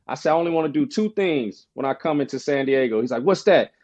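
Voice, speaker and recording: A man telling a personal story in casual conversation as a podcast guest, animated and slangy, acting out quoted friends. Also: mid-range voice, fast, highs cut off. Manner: casual slang, frequent "bro" and "you know".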